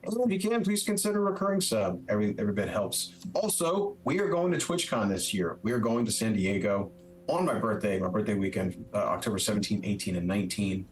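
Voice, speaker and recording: A man's voice: on the low side, animated, a little fast, slight background noise, low-quality recording. A man running a streamed tabletop game as its game master, talking upbeat and chatty with plenty of filler words.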